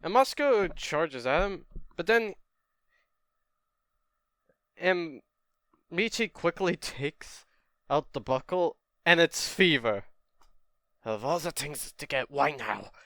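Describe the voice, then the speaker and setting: A young man retells a fan story in a laid-back, chatty, casual way. His mid-range voice is a bit bright, clear, and resonant, recorded with clean studio sound and no room sound.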